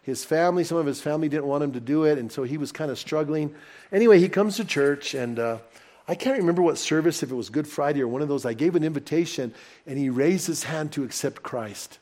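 Animated pastor telling church stories. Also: male voice, a little high, fast. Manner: animated, personal anecdotes told warmly to a congregation. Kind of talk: sermon storytelling.

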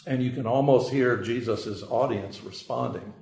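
A man teaching a verse-by-verse Bible lecture, halting, with frequent "uh" and repeated words. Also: mid-range voice, vocal fry, a little mellow, reverberant, low-quality recording.

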